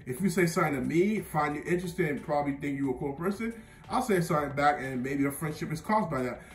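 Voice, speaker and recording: A man's voice: on the high side, lively intonation, quick pace. A young man casually telling a personal story, rambling with lots of fillers and often laughing at himself. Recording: roomy sound, mic at a distance, faint music.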